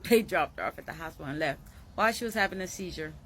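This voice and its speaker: A woman's voice: deep voice, expressive, racing, fairly bright tone, slight background noise. A woman giving emotional commentary to her viewers, urgent and emphatic, repeating her points. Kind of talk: emotional social media commentary.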